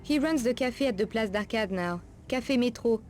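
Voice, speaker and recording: A woman's voice: fairly high pitch, animated, normal speed, a little mellow, soft background music, natural voice. An actress playing a wary streetwise woman of the night streets, with a French accent and French endearments, guarded and cautioning.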